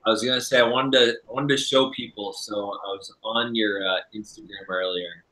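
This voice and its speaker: A man hosting a live-streamed interview and reading questions from the chat, hesitant with many ums, often trailing off quietly. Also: lowish voice, steady tone, a little fast. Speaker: livestream host. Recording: echoey room.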